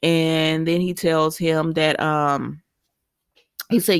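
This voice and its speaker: A woman's voice: deep voice, fairly even intonation, slow, smooth, dry recording, clean studio sound. A woman recapping a soap opera in a chatty, emotional way and talking straight to her viewers. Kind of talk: casual spoken recap.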